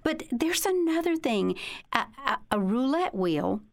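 A woman's voice: sits high, very animated, measured pace, vocal fry. A woman hosting an interview, affirming and encouraging her guest. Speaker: interview host.

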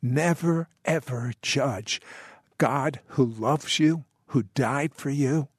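A man's voice: medium pitch, slow, slightly rough, dry recording, clean studio sound. Emphatic male talk host with stammered starts. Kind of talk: interviewing a guest.

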